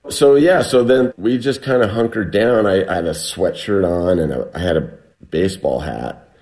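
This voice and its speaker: Middle-aged man, very low voice, guest recounting an ordeal, lively quoted shouts. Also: moderate pace. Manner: animated retelling, acts out shouted quotes. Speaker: guest telling a survival story. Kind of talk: conversational storytelling.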